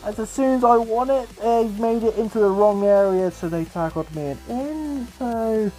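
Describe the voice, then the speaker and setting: A young man giving casual commentary over football game highlights, exasperated and swearing about his team. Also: normal speed, mellow, faint music behind. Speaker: gaming YouTuber.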